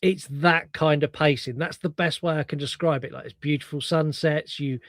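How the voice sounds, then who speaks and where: A man's voice: a little high, fairly even intonation, normal speed, no room sound. A middle-aged British man, co-hosting a podcast, chatting casually and retelling film scenes with animation. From Britain. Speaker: podcast co-host. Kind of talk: casual chat.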